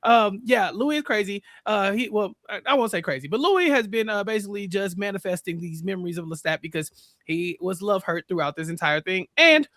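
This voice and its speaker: A man's voice: high-pitched, lively intonation, brisk, a bit bright, dry recording, clean studio sound. A man hosting a casual podcast recap, upbeat and chatty, laughing often. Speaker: podcast host.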